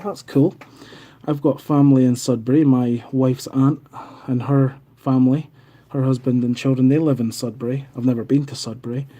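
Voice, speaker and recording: Streaming casually from home in Canada, a Scottish host in his thirties chats and reads viewer comments aloud. He has a warm, mid-range voice.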